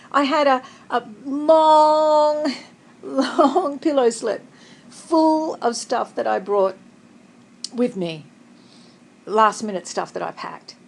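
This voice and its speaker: A woman's voice: medium pitch, slight background noise, poor audio. An Australian woman chatting in a rambling, conversational way in a personal vlog, often laughing, sitting up in bed in a hotel room. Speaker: vlogger.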